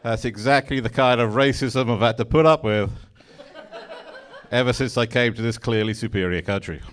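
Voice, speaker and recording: A man's voice: medium pitch, steady tone, normal speed. A man in his forties with an English accent, doing stand-up with dry, mock-indignant punchlines. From England. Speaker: stand-up comedian. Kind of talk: stand-up comedy.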